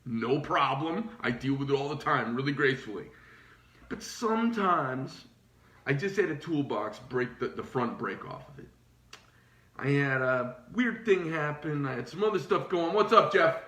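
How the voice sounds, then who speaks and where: A man's voice: a little high, lively intonation, normal speed, sharp tone. A man who owns a knife company, telling a heated, profane story in a blunt ranting monologue. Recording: roomy echo.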